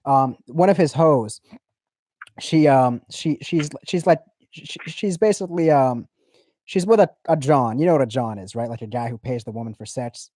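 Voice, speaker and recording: A man in a casual, profane livestream chat, telling stories with animated put-on quotes. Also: mid-range voice, moderate pace, no echo, clean studio sound.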